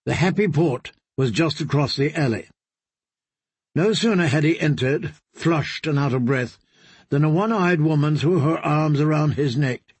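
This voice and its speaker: A male audiobook narrator with a husky, slightly high voice, reading in a steady storytelling way. The sound is dry and close to the mic. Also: unhurried, dry recording. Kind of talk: scripted narration.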